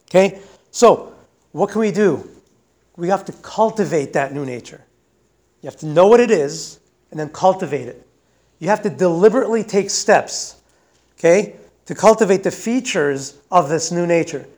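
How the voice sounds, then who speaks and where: A man teaching a Bible lesson in a sermon style, talking fast and conversationally and often checking in with the audience. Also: on the high side, darkish tone.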